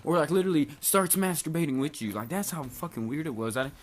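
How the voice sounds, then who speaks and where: A man in his twenties telling a story in a casual vlog, animated and swearing a lot. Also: on the high side, slight background noise. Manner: rapid, animated, heavy swearing. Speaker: vlogger.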